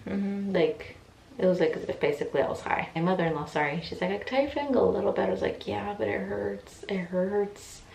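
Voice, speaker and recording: A woman's voice: fairly low pitch, creaky, a little mellow, slight background noise. A woman in her twenties telling a personal story in a casual, emotional way, acting out the voices of the people in it. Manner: chatty, emotional, acts out quoted voices. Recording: echoey room, mic at a distance.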